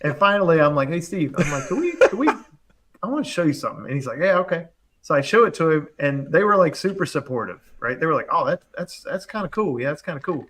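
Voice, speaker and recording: A man telling a long story in casual chat, animated and quick, full of fillers and acted-out quotes. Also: a little high. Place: live online show, remote.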